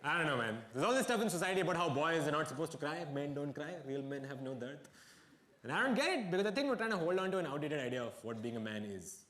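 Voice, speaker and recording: A man's voice: on the high side, very fast, few pauses, some chatter behind. A young man telling stories in a stand-up comedy set, acting out the dialogue as he goes. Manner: animated storytelling with acted-out dialogue. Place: comedy stage with audience. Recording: echoey venue with background noise.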